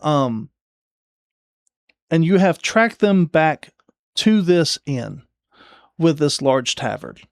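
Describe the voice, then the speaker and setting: Brief: unhurried male game master, a bit high-pitched, fillers between descriptions. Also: big pitch swings, gravelly, dry recording, clean studio sound. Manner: unhurried, hesitant narration with fillers. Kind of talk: narrating a tabletop game.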